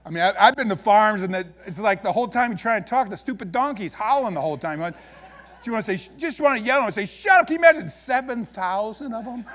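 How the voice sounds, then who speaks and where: High-pitched and quick, this man preaches a sermon in an Upper Midwest American accent. As the pastor, he tells stories in an animated, folksy way, joking throughout.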